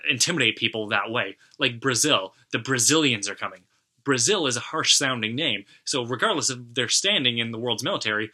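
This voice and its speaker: A young man talks casually to his camera, rambling and blunt, with plenty of "uh" and "you know". His is plain, and his voice has a very bright, sharp edge at a middling pitch. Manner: rambling, blunt, swears casually, many fillers. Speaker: vlog host.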